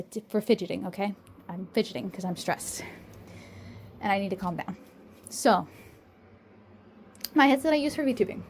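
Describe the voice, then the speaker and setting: A woman rambling casually in a vlog, slightly out of breath, recorded on her phone at home. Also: mid-range voice. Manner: rambling and chatty, often tags "okay?". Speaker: VTuber and artist.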